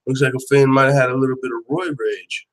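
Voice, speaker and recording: A man hosting a laid-back fight-news stream, his voice sitting at an ordinary middle pitch. He talks in loose, profane slang and riffs on viewer comments as he reads them. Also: fairly even intonation, fast talker, heavy background noise. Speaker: MMA news show host. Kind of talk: casual live-stream chat.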